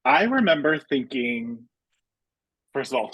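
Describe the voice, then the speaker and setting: A man's voice: mid-range voice, expressive, extremely slow, pauses often, a bit bright, no echo, poor audio. A young man, a podcast guest, chatting casually in a friendly, giggly and hesitant way over a video call. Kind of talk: casual chat.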